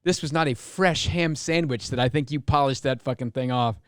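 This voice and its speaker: A man's voice: medium pitch, fairly quick, clean tone, no echo, studio quality. A man hosting a podcast, rambling through a story with plenty of swearing. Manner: rambling, swears, reads timestamps aloud. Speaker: podcast host. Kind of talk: casual podcast chat.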